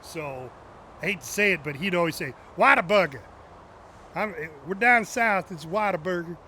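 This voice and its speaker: A man with a fairly high voice rambles through casual chat while he plays a driving game. He jokes, laughs often, and throws asides to his viewers. A faint hiss sits under his voice. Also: expressive, moderate pace, bright, forceful tone. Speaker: game streamer.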